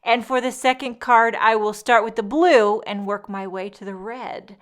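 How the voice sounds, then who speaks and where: A woman's voice: a little high, moderate pace. A woman hosting a casual card-making tutorial, chatty and full of joking asides. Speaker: papercraft tutorial host. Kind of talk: casual craft tutorial narration.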